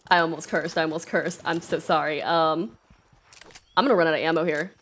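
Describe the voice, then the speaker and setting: A woman's voice: low voice, steady tone, a little fast. A woman streaming a shooter game live, chatting with viewers, yelping, laughing and apologizing as the match gets tense. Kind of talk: live gaming stream chat.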